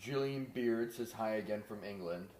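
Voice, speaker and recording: A young man reading out live viewer comments in a halting way with filler words, his mic too far from his mouth. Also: lowish voice, a little mellow. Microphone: mic held too far from mouth.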